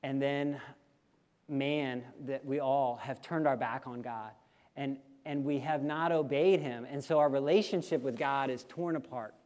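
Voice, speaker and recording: A man's voice: medium pitch, a little slow. Man telling a story in an echoing hall. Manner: lively storyteller, leads listeners in repeating phrases. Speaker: missionary speaker. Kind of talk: storytelling testimony to a congregation. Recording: long hall reverb.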